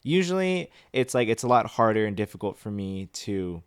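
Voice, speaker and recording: A man's voice: on the low side, very animated, moderate pace, clean tone. A young man co-hosting a casual movie review chat, rambling with many fillers as he explains his thoughts. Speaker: co-host of a movie review show.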